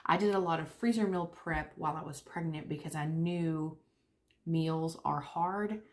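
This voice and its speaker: Young woman, lowish voice, chatty and easygoing, talks while eating. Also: measured pace. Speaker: vlogger. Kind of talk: casual chat.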